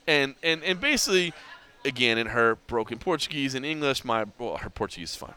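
A man's voice: mid-range voice, sing-song, moderate pace, sharp tone, clear, resonant tone. A man hosting a podcast, telling a story in casual chat and acting out the dialogue with lots of energy. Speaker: podcast host.

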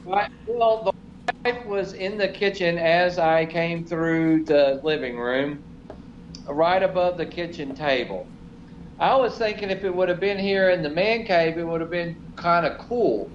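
A middle-aged man who's a show regular tells a self-deprecating story in casual chat, rambling with lots of fillers. His voice is on the high side at a measured pace, and the recording is slightly dull with faint noise.

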